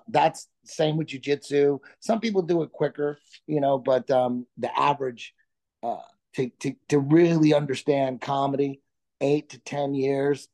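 A man's voice: medium pitch, mellow. A middle-aged man talking casually as an interview guest, laid-back, with frequent restarts and easy laughs. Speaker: guest, comedian and jiu-jitsu instructor.

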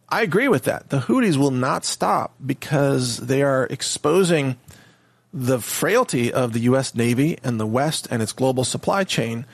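Husky-voiced man giving opinionated commentary. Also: on the high side, no room sound. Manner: opinionated, mocking, mimics others' pronunciation. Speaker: political commentator. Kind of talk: casual monologue commentary.

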